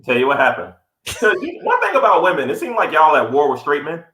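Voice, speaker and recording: This podcast co-host speaks quickly in a slightly high voice, animatedly recounting a story during casual chat. When quoting others he raises his voice to act them out, and the room is echoey.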